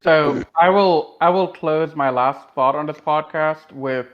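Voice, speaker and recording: A man co-hosting a casual podcast, talking in an animated, emphatic way. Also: a little high, unhurried, hardly any pauses. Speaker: podcast co-host. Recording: dull lo-fi audio.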